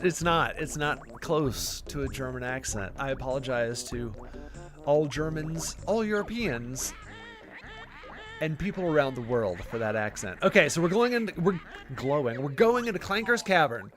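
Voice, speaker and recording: A man hosting a gameplay live stream, talking in a casual, rambling way. His voice sits a bit high for a man, and he jokes at his own expense. Faint music plays in the background. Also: lively intonation, moderate pace, fairly bright tone. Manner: chatty, rambling, self-deprecating, many fillers. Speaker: gaming channel host.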